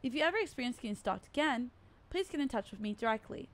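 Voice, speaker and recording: A man's voice: very high-pitched, lively intonation, quick pace, a bit bright. A woman reading the lines of a polite, creepy young male police officer, reassuring and overly familiar.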